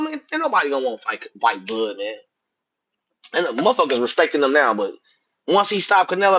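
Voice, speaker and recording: A man holds forth on boxing to his stream chat, loose and profane. His slightly raised voice is husky and leaps all over the place, from loud outbursts down to low mutters. The lo-fi audio sounds dull and muffled. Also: brisk. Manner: profane, animated, swinging between loud outbursts and muttered asides. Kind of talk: casual livestream rant.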